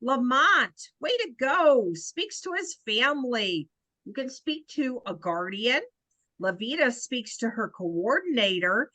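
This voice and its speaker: Woman co-facilitator, very slow, lively ups and downs, bright dry sound. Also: a little high, dry recording, low-quality recording. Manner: slow, warm reading of group answers. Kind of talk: virtual training lesson. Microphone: video call.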